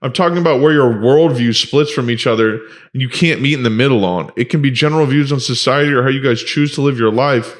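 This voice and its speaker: A man's voice: medium pitch, fast talker, few pauses. A man co-hosting a casual podcast, telling stories in a loose, profane way and acting out lines as he goes. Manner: animated, profane storyteller who acts out quotes. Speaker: podcast co-host.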